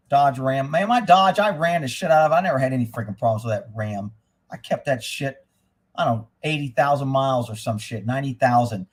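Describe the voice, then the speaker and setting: A middle-aged man hosting a live stream, ranting loudly and profanely as he tells stories in casual talk. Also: medium pitch. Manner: loud, profane, type A storyteller.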